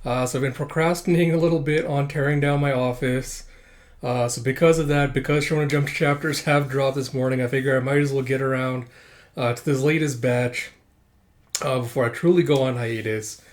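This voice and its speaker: A man's voice: mid-range voice, steady tone, a little fast. A man hosting his own channel, casually recapping a manga chapter in a loose style full of "uh" and "like". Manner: loose, filler-heavy, with lots of "uh" and "like". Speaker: host of a manga review channel.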